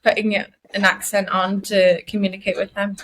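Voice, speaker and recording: A woman's voice: mid-range voice, little pitch movement, normal speed, fairly bright tone, slight background noise. A woman co-hosting a casual podcast, asking questions and reflecting thoughtfully. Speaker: podcast co-host.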